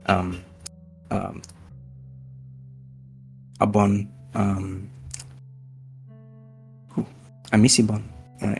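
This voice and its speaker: A man narrating a tabletop game as game master, halting often and filling gaps with fillers. He speaks very slowly in a gravelly, low voice while faint music plays behind him. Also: level tone. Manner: slow, halting, with many fillers.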